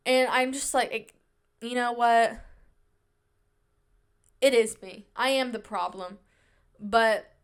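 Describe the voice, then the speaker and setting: A woman's voice: on the high side, clean tone. A young woman hosting her own podcast, talking casually and at length, full of fillers and self-reassurance, shy and introverted by her own account. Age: young adult. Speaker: podcast host. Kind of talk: casual solo podcast chat.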